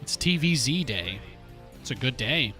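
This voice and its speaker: A man giving lively live gameplay commentary as a streamer, with playful trash talk at his home desk mic. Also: medium pitch, a little slow, soft background music. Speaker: game streamer.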